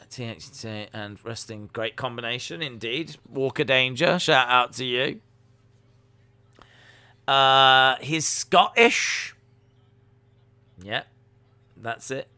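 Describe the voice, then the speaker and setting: A man hosts a casual wrestling reaction stream, cracking jokes and reading out messages from chat. His voice is bright and crisp, and he takes his time with every line. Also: medium pitch. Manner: jokey, reads out and answers chat. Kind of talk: casual live-stream commentary.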